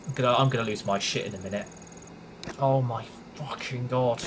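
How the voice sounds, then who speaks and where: Streaming a racing game live, this young British man chats casually, grumbling and cursing whenever frustration hits. His voice is medium-pitched and brisk, with a little hiss or hum in the audio.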